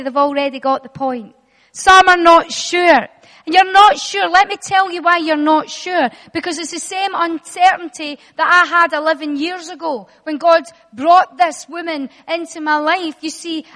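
A middle-aged woman preaching a sermon, emphatic and repetitive, with dramatic pauses. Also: extremely high pitch, a bit bright. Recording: reverberant hall.

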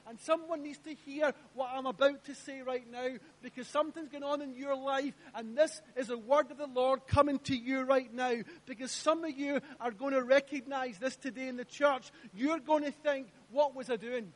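High-voiced preacher. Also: male voice, fairly even intonation, moderate pace, hardly any pauses, a bit bright. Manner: emphatic, repeats phrases, asks the congregation questions. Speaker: pastor. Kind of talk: sermon. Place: church.

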